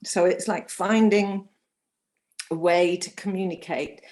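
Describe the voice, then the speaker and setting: A woman's voice: on the low side, fairly even intonation, slow pace, darkish tone. A woman from London calling in, emotional and hesitant, close to tears, with many restarts. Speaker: caller. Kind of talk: phone-in call.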